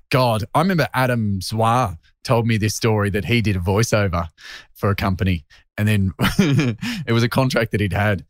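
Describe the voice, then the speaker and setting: Lively Australian man telling stories. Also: fairly low pitch, no room sound, clean studio sound. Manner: animated storyteller, lively acted-out quotes, quick laughs. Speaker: comedian guest. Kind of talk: casual podcast chat.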